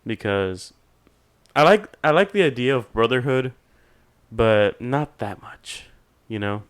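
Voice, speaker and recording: Smooth-voiced young man telling a story. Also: mid-range voice, takes it slowly. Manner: animated storyteller, swears a lot, acts out voices of others. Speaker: podcast guest. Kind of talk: casual storytelling.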